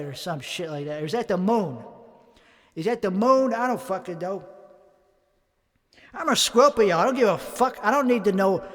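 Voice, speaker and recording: High-voiced man in a swearing rant. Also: lively intonation, normal speed, pauses often, fairly bright tone. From Chicago. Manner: mock-angry, swears constantly, rambles and contradicts himself. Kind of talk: rambling profane monologue between karaoke songs. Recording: long reverb with faint music behind.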